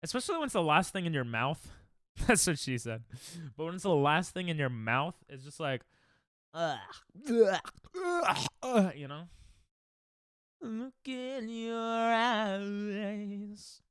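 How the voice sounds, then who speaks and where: A man's voice: a little high, expressive, normal speed, fairly bright tone, dry recording, studio quality. A man streaming a speedrun, chatting casually and joking with chat, laughing often.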